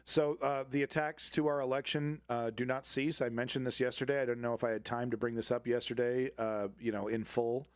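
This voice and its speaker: A man's voice: medium pitch, steady tone, fairly quick, few pauses, no echo. A man hosting a live political commentary show, talking casually and sarcastically, rambling with restarts and frequent laughs.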